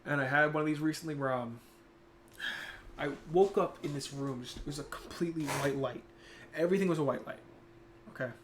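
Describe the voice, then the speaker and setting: A young man streaming, talking casually and reflectively, turning soft-spoken when emotional. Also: on the high side, a little fast, pauses often, slight background noise. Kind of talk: casual chat.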